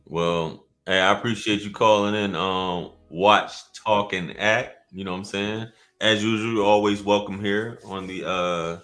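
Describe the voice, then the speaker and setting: A man hosting a live podcast stream, chatting casually and joking with viewers and his co-host. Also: a bit bright. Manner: loose, joking, talks to the chat, swings up in pitch when surprised.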